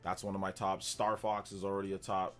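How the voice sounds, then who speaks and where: A man's voice: low voice, fairly quick, faint music behind. A man hosting a live gaming stream, chatting casually and rambling as he answers viewers, with frequent laughs. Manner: relaxed, rambling, answers chat and laughs often. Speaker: gaming livestream host.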